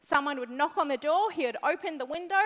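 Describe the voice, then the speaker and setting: A woman's voice: high voice, fast, a bit bright. A woman with a New Zealand accent giving a motivational talk at an event, blunt, profane and playful. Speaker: motivational speaker. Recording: long hall reverb.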